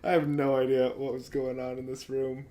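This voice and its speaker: A man's voice: medium pitch, monotone, moderate pace, mellow. A man co-hosting a podcast, giving wry, laughing commentary on a movie. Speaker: podcast co-host. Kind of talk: casual movie recap chat.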